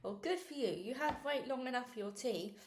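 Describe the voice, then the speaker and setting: A woman reading aloud a storybook and voicing a gentle, anxious mother who coaxes and soothes her daughter with forced cheer. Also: a little high, expressive, fairly quick, pitched above the performer's own voice, close to an everyday voice. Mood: tender. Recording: roomy echo.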